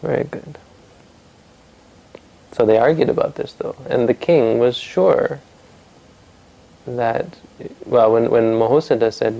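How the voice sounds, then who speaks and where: A man tells a traditional story to a family audience, speaking conversationally and often turning to ask his listeners questions. His voice is gravelly and mellow, with a darker tone. He often restarts his sentences as he talks. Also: mid-range voice, measured pace, long pauses, highs cut off.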